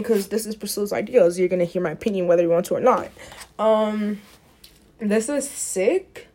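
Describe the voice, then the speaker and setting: A woman's voice: medium pitch, darkish tone. A young woman giving an emphatic, opinionated talk in a casual way, often restarting her sentences.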